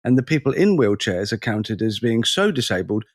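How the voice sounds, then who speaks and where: A man, co-hosting a podcast and telling a lively story in casual conversation, acting out the people in it. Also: medium pitch, moderate pace, no room sound, clean studio sound. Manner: animated storyteller, acts out the people in his stories. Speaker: podcast co-host.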